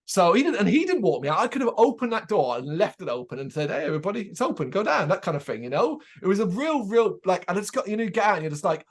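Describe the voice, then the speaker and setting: A man co-hosting a casual chat show, telling an animated anecdote and acting out the people in it, swearing freely. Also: high voice, quick pace, hardly any pauses. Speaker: podcast co-host.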